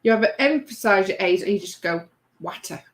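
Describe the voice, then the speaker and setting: A woman's voice: mid-range voice, expressive, fast, poor audio. A woman with a Yorkshire accent chatting casually as a livestream co-host and reading out viewer comments.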